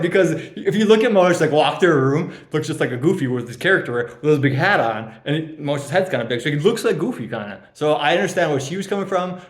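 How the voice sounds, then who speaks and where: A man's voice: fairly high pitch, expressive, fairly quick, echoey room. A young man roasting his fantasy league friends as he hands out draft grades, teasing and rambling, with lots of ums and laughs at his own jokes. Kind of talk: joking casual roast.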